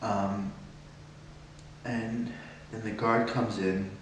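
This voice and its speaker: A young man, an acting student, tells a personal monologue, at times quiet, at times agitated and swearing. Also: mid-range voice, unhurried, pauses often, slight background noise. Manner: emotional storytelling, swings from quiet to agitated. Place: classroom or studio. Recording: distant mic in very echoey room.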